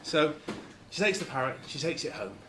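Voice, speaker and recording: A man from Lancashire giving an informal talk to a club, halting and full of fillers and restarts. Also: fairly high pitch, lively intonation, noisy background. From Lancashire, England. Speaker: guest speaker.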